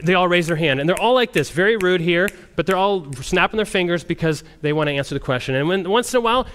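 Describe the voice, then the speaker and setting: A man who works as a missionary, telling a story to a group in an animated way and often restarting his sentences. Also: high-pitched, fast, smooth. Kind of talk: storytelling testimony talk.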